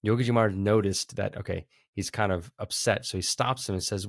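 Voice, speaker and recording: A man's voice: fairly low pitch, fairly even intonation, a little fast, gravelly, no room sound, clean studio sound. A man hosting a podcast who tells a spiritual story in an earnest, heartfelt way. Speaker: podcast host. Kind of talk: reflective storytelling talk.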